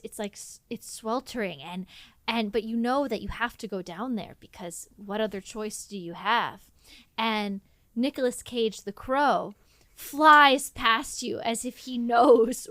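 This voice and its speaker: A woman narrating an improvised story on a podcast in an animated way, halting and restarting often. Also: fairly high pitch, dry recording.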